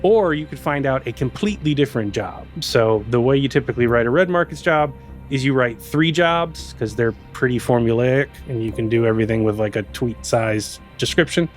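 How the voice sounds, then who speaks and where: A man running a tabletop game as game master, explaining rules in a relaxed way and laughing often. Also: mid-range voice, a little fast, soft background music.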